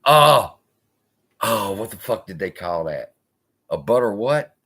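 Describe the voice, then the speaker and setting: Man, lively pitch, blunt profane live-stream host. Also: takes it slowly. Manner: profane, blunt, animated storytelling. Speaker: investing channel host.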